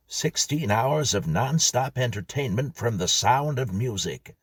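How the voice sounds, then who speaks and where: A man voicing a brash American announcer on a record, with a booming showman delivery. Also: lively intonation, a little slow, breathy edge, no room sound, clean studio sound.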